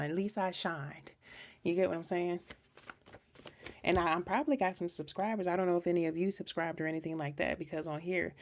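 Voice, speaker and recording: A woman's voice: low-pitched, vocal fry, darkish tone. A woman hosting a live tarot reading, talking in a chatty, earnest, rambling way with lots of restarts. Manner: earnest and emotional. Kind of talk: casual live-stream reading.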